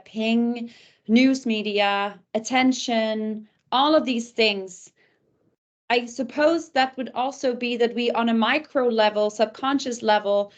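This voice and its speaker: A woman with a somewhat high voice hosts a webinar over a video call. She thinks aloud reflectively, pausing between her thoughts. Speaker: webinar host. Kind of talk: moderating a webinar.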